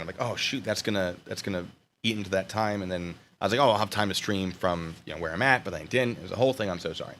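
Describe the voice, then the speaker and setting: This American streamer has a fairly low-pitched voice and keeps things casual, trading jokes with viewers. He's animated, alternating between sudden loud outbursts and muttered side remarks.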